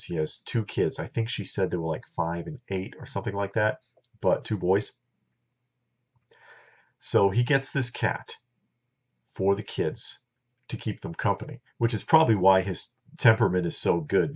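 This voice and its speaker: A middle-aged man with a low, husky voice tells a story to his viewers in a casual monologue. He is blunt and opinionated. The recording is dull and lo-fi. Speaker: vlogger.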